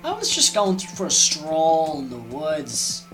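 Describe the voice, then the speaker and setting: A woman voicing a scheming male trickster god who talks fast and wheedles in casual slang. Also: deep voice, huge pitch swings, faint music behind, heavily acted. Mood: coaxing.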